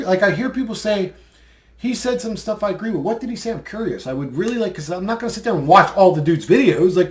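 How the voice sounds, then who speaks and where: A man in a casual commentary vlog, rambling and mocking, with many fillers as he replies to comments. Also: high voice. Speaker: video creator replying to comments.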